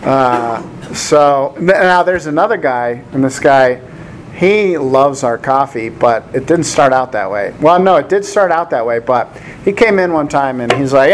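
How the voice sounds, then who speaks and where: A man's voice: medium pitch, animated, unhurried, background noise. An American man giving a casual Bible teaching, chatty and rambling, with frequent laughs. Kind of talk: casual sermon with anecdotes.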